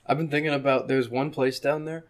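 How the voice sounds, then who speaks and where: A man's voice: mid-range voice, level tone, a little fast. A young man co-hosting a podcast, telling loose stories and swearing casually. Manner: laid-back storyteller, swears casually. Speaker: podcast co-host.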